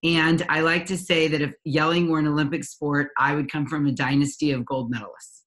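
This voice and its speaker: A woman in her forties, a parent coach, tells her personal story in an interview with a low-pitched, somewhat bright voice, fairly quick and flat in delivery. She's earnest and candid, with frequent ums and restarts, and near tears at times.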